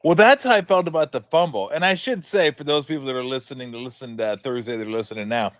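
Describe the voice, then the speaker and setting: A man hosting a sports talk show, telling stories in a lively, chatty way with quick asides and frequent laughs. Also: medium pitch, no echo, studio quality. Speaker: sports radio host.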